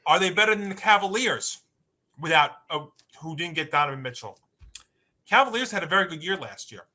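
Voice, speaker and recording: A man's voice: fairly high pitch, animated, fairly quick, sharp tone. A man co-hosting a sports talk podcast, arguing emphatically and rattling off long lists of teams.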